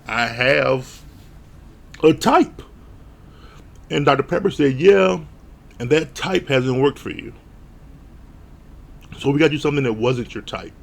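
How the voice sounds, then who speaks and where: A man's voice: medium pitch, normal speed, gravelly, pauses often. A man giving a blunt, profane, casual recap of a reality show, retelling scenes with mock quotes. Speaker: show reviewer.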